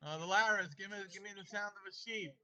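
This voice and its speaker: A man's voice: high-pitched, fast, heavy background noise. A man leading an online devotional class, emphatic and playful as he coaxes his students along. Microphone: video call. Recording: muffled video-call audio.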